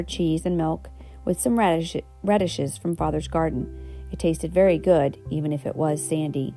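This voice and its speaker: A woman's voice: fairly low pitch, dark tone. A woman reading a children's storybook aloud, with homely asides and self-corrections. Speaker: reader.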